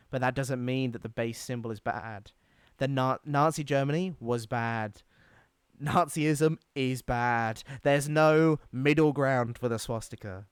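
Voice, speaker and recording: A young man co-hosting a casual podcast, telling stories in an animated, indignant way. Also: mid-range voice, smooth, dry recording. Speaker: podcast co-host.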